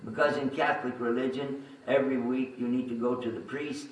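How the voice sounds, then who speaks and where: A man's voice: mid-range voice, fairly even intonation, a little fast. A man telling a personal story to an audience, chatty and full of asides. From Texas. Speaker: religious speaker telling his story. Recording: roomy sound from a distant mic.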